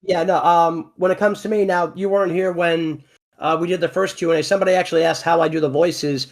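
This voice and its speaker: High voiced guy rambling on a stream, lots of ums. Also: steady tone, quick pace. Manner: chatty, explains at length with many fillers. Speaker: voice actor and stream cast member. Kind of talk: casual livestream chat.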